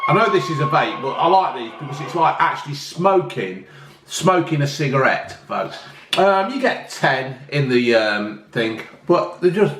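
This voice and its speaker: A man's voice: fairly high pitch, expressive, moderate pace, a bit bright. A slightly tipsy man hosting a casual drinks review, rambling and joking as he chats. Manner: rambling, jokey, chatty. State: a bit tipsy. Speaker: vlog host reviewing drinks. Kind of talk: casual chat. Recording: roomy echo.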